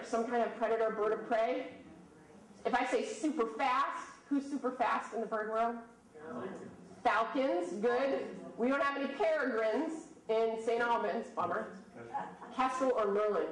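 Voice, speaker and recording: Lady in her 30s telling bird stories to a crowd, kinda high voice, big echoey room, mic way off. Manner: lively storyteller, quizzes the audience. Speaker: birding presenter. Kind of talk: storytelling talk to a live audience. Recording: echoey room from a distant mic, faint noise.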